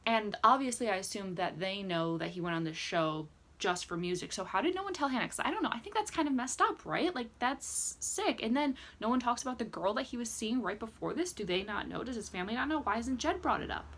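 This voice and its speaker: A woman's voice: a little high, sing-song, fairly quick, few pauses, a bit bright. Chatty sarcastic young woman vlogger. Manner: chatty, sarcastic, lots of "like" fillers. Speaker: vlogger recapping a reality dating show. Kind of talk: casual reaction vlog. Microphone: camera mic with ring light, indoors.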